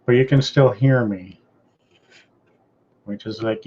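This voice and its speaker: Laid-back and rambling, a Canadian host chats casually on a live stream, often trailing off and starting his sentences over. He has a husky voice on the low side, speaking slowly with long pauses. The audio sounds dull, like lo-fi stream sound.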